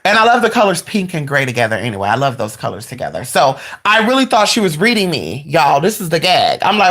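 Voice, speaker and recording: Low-voiced woman telling a spirit story. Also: fast, few pauses, husky. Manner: animated, swears freely, addresses viewers as y'all; voice jumps much higher when excited. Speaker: spiritual vlogger. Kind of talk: casual storytelling.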